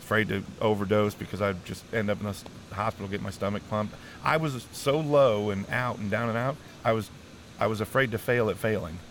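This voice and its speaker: A middle-aged man with a lowish voice tells his own story as an interview guest, earnest and emotional. He restarts his sentences often and keeps saying "man." A faint background noise sits under the recording. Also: fairly quick, fairly bright tone. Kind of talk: candid personal testimony.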